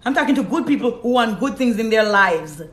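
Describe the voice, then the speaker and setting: A woman's voice: a little high, expressive, a little fast. A Jamaican woman hosting a live stream, preaching bluntly and reading out viewer comments. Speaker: host. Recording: roomy echo.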